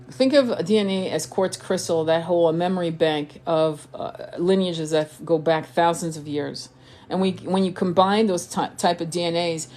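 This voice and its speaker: Her voice is on the low side and a little mellow, with slight background noise. A French-born tarot reader and spiritual coach, she chats casually through comments on a live stream, rambling, swearing, laughing often and restarting frequently.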